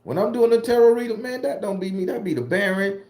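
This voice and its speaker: A high-voiced man from southern Florida talks fast, his tone darkish and his accent Southern US. He's a tarot reader hosting his own channel, casually answering live chat comments in loose, profane slang. The room is echoey.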